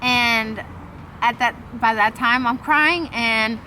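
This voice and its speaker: A woman's voice: fairly high pitch, takes it slowly, pushed and bright, a little hiss or hum, low-quality recording. A young woman vlogger telling a long, rambling personal story in a casual way, swearing freely and acting out the lines of the people in it. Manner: acts out quoted dialogue.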